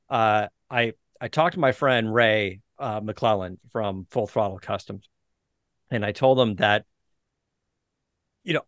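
A man's voice: lowish voice, fairly bright tone, dry recording, studio quality. A man hosting a podcast, talking casually and enthusiastically about cars in a loose, rambling way with plenty of fillers. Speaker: podcast host. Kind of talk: casual chat.

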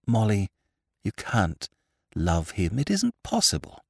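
A man's voice: on the low side, wildly swooping pitch, slow, gravelly, a little mellow, no room sound, studio quality, heavily acted. A man voicing an ardent, desperate young lover. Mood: impassioned. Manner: urgent, pressing, growing impassioned.

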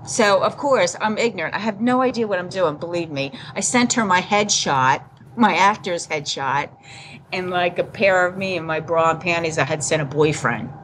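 A woman's voice: fairly low pitch, normal speed, fairly bright tone, a little hiss or hum, low-quality recording. A woman in her fifties, a podcast guest telling her story in a candid, casual way, often laughing and acting out what people said. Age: 50s. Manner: candid, laughing, acts out dialogue.

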